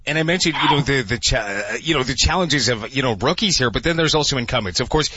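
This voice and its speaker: A man's voice: mid-range voice, animated, pushed and bright, husky, no echo, muffled recording. A man hosting a radio interview, asking questions with frequent restarts. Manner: quick, hesitant questions with restarts. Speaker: radio host.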